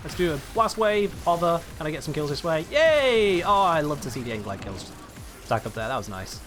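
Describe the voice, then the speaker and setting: A man's voice: on the high side, fairly quick, fairly bright tone, soft background music. A British man chatting casually on a live game stream, rambling and reading chat aloud.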